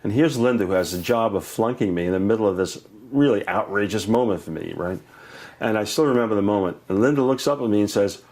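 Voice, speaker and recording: An older man from Brooklyn, an educator and author, telling warm anecdotes in an interview, laughing often and acting out voices. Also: on the low side, quick pace. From Brooklyn, New York. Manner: animated, laughs often, acts out voices in stories.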